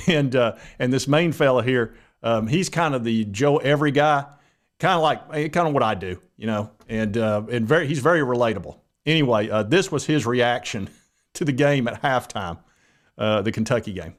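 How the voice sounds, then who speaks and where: A man's voice: mid-range voice, moderate pace. A man hosting a sports talk channel, chatting casually and rambling with plenty of fillers. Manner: rambling, conversational, many fillers.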